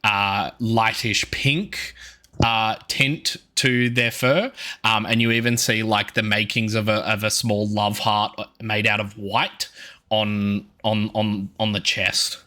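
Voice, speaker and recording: A man's voice: fairly low pitch, steady tone, slow, sharp tone. A man with an Australian accent narrating a tabletop game as game master, rambling with many fillers.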